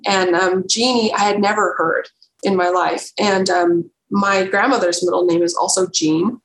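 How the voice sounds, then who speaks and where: A woman guest telling a personal story in an earnest, halting way, often restarting her sentences. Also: mid-range voice, fairly even intonation. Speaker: podcast guest. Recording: roomy echo, faint noise.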